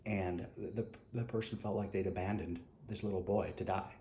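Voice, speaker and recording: A middle-aged man, a retired police officer, frankly recounting his experiences in an interview with halting restarts. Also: low voice, fairly even intonation. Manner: halting, frank, drops soft quoted asides. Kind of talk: interview storytelling. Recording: echoey room with faint noise.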